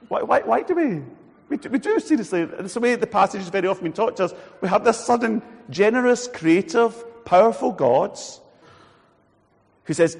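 A man preaching a sermon in a church hall, animated and acting out quoted voices. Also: a little high, moderate pace, creaky, husky. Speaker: pastor.

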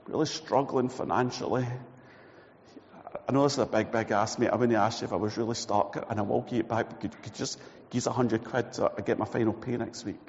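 A man's voice: on the high side, fairly even intonation, slight background noise, natural voice. A man voicing a worried jobless man who stammers as he pleads with his friends. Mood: pleading. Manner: halting and stammering. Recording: dull recording with long hall reverb.

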